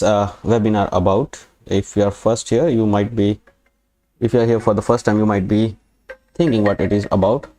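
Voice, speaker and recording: Indian guy hosting a trading webinar, kinda low warm voice, lots of uhs and restarts. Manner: rambling, self-correcting, frequent fillers. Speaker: webinar host, forex analyst. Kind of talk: live webinar presentation.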